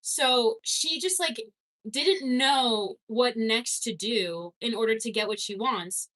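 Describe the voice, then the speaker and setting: A young woman streamer from Canada chats casually with her viewers. Her voice sits a little high, and she talks loosely, swears now and then, and laughs easily as she reacts to comments. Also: slow pace, fairly bright tone. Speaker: streamer reading chat. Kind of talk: casual livestream chat.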